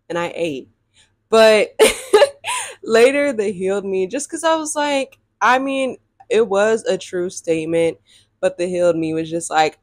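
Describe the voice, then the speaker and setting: A young woman telling a dating story in a casual storytime vlog, sassy and animated and laughing often. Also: medium pitch, dry recording, studio quality.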